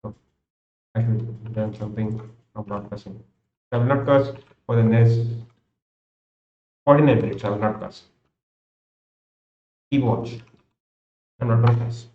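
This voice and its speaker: Rambling Indian English streamer. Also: male voice, on the low side, slight background noise. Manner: rambling, repeats and restarts himself. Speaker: live streamer. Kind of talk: casual thinking-aloud stream commentary. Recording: roomy, slightly dull home recording.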